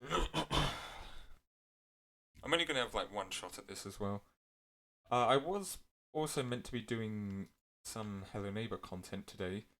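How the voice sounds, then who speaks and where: A man with a fairly low voice talks through his gameplay in a loose, rambling way, full of fillers and mid-sentence corrections. His voice cracks here and there as he goes. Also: a bit bright. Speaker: gameplay video creator. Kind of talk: casual gameplay commentary.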